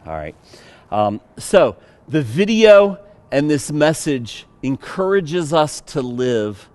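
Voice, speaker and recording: A man with a Pittsburgh accent preaches a sermon in a relaxed, conversational way. He jokes easily and uses filler words. He talks slowly and takes his time. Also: on the high side. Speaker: pastor.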